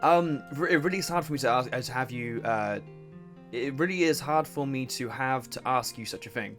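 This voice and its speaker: A man reading the lines of a weary older male village mayor, slow and hesitant, in a game let's play. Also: medium pitch, fairly bright tone, faint music behind, close to an everyday voice.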